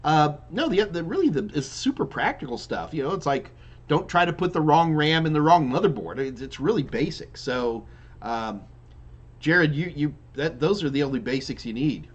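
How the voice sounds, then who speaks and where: A man's voice: a little high, expressive, moderate pace, slightly rough, highs cut off. A man hosting a live question-and-answer stream, reading out viewer questions and answering them in a loose, chatty way with many restarts, yawning now and then. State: yawning repeatedly. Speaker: live Q&A host and IT trainer.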